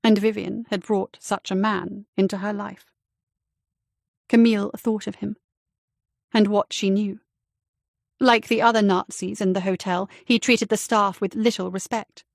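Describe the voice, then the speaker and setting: A woman narrating a novel in a steady, even storytelling voice, recorded close on a studio mic. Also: medium pitch, unhurried, gravelly, long pauses, dry recording. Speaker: audiobook narrator. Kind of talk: scripted narration.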